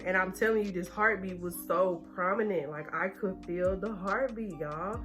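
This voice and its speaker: A young woman from Texas telling a personal story while doing her makeup. She talks in an animated, chatty way and speeds up when she gets nervous. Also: fairly low pitch, moderate pace, hardly any pauses, faint music behind. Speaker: beauty vlogger.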